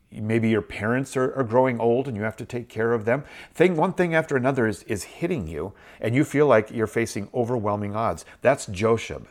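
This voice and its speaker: A middle-aged man hosting a show, giving an earnest, encouraging Bible teaching and repeating phrases for emphasis. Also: lowish voice. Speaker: host.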